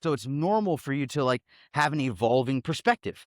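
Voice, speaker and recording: A man's voice: mid-range voice, lively intonation, a little fast, dry recording, studio quality. A man giving a casual motivational monologue, profane and emphatic, rambling with many fillers. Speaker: self-help speaker.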